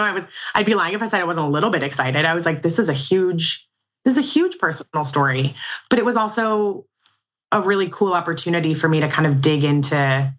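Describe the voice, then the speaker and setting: A woman's voice: on the low side, a bit bright. A woman in her forties, a guest in a casual interview, talking in an earnest, reflective and slightly emotional way. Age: 40s.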